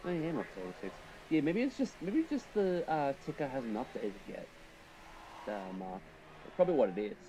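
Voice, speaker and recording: A man's voice: on the high side, very animated, normal speed, mellow, slight background noise, rough recording. A man streaming a racing game, chatting casually and thinking aloud while he drives and answers his viewers.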